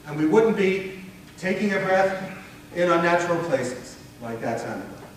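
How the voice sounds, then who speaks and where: Male workshop presenter, slightly high voice, conversational and animated, heard from afar in a very echoey room. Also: measured pace, distant mic, a little hiss or hum. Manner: conversational, animated, demonstrates tones with his voice. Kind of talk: conference breakout talk. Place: conference room before an audience.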